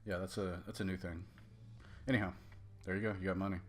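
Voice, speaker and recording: A man running a tabletop game as game master, explaining rules in a relaxed way with many fillers. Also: sits low, fast talker, a little hiss or hum.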